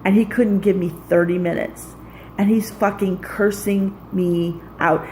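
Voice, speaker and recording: A woman's voice: mid-range voice, fairly even intonation, unhurried, mellow, slight background noise, poor audio. A woman speaking in an intense, raw, profane personal monologue, pouring out anger and hurt. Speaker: vlogger.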